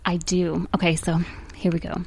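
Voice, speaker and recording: Female guest, mellow tone, dry close mic, wry and low-key. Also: level tone, moderate pace, gravelly, breathy edge, dry recording. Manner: quiet, wry asides. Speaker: podcast guest. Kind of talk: casual chat.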